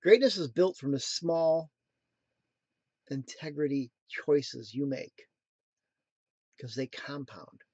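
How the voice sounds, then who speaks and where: A man in his thirties hosts a casual motivational talk, with a high-pitched voice recorded dry and close. He wanders into playful, jokey tangents and then returns earnestly to his message. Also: animated, slow pace, pauses often, darkish tone, husky, dry recording, muffled recording. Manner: playful, jokey asides, sings snatches. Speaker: motivational show host.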